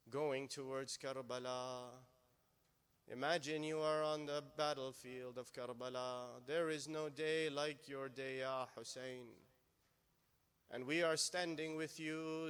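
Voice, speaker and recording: A man preaching a sermon in a mosque, impassioned, swinging between raised and hushed delivery. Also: medium pitch, clear, resonant tone.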